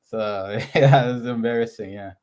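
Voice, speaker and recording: A man's voice: medium pitch, unhurried, a little mellow, clear, resonant tone. A man with a Toronto Canadian accent, a student on a coaching call, rambling and joking with many fillers.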